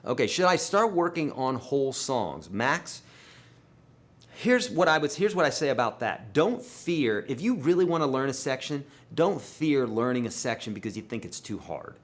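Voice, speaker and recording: A man hosting a live guitar Q&A, answering viewer questions in a casual, emphatic way. He swings his loudness and pitch a lot and talks to viewers as friends. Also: sing-song, normal speed.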